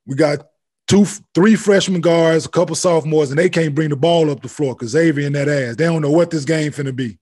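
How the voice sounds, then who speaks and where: A man's voice: on the high side, a little fast, darkish tone. A man in his forties, a podcast co-host and former basketball player, talking casually in blunt, profane slang. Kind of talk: casual chat.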